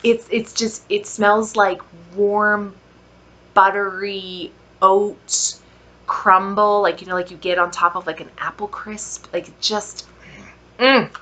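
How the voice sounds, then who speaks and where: A woman reviews products in an unhurried, gushing vlog voice with a bright, forceful tone. She stretches out her exclamations and sometimes drops into soft whispered asides. There is a faint hiss behind her. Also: mid-range voice, fairly even intonation. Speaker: vlogger.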